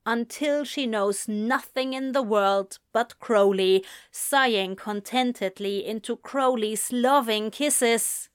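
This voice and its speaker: A woman reading erotic fiction aloud in a slow, breathy, intimate way. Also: on the high side, no echo, clean studio sound. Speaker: narrator.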